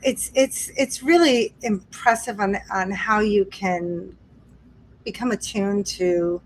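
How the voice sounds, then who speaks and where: A woman's voice: mid-range voice, takes it slowly, a little hiss or hum. A woman hosting a podcast interview, asking earnest, searching questions. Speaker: podcast host.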